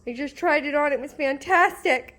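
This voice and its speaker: A young woman hosting a knitting vlog, gushing with excitement over handmade gifts in casual chat. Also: sits high, moderate pace. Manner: gushing, effusive, exclamatory. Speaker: knitting podcast host.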